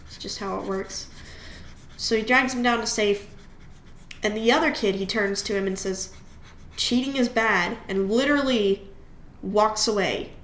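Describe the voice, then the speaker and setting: A woman's voice: medium pitch, moderate pace. A woman hosting a casual storytime while coloring, chatty and rambling, often correcting herself mid-sentence. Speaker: channel host. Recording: roomy echo with faint hiss.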